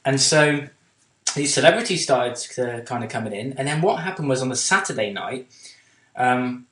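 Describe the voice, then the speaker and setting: A man's voice: mid-range voice, fairly bright tone, far from the mic. A man co-hosting a podcast, telling a long casual anecdote with lots of fillers and restarts. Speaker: podcast co-host. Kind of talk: casual storytelling chat. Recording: roomy echo.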